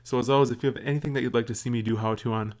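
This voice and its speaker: A young man casually explaining a tutorial step by step, slowing down when he dictates punctuation aloud. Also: medium pitch, fairly even intonation, a little mellow. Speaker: tech video host. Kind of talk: screen tutorial with dictation demo.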